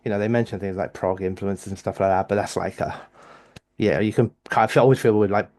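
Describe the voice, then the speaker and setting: A man's voice: on the low side, fairly even intonation, fast talker, a little mellow. A man co-hosting a music reaction show, explaining an album in casual, rambling talk, often restarting as he hunts for words. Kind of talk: casual chat.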